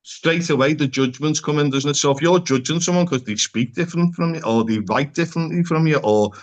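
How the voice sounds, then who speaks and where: A man's voice: a little high, fairly quick. Earnest male psychotherapist explaining. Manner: earnest, explains with rhetorical questions. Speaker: psychotherapist guest. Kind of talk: casual podcast conversation.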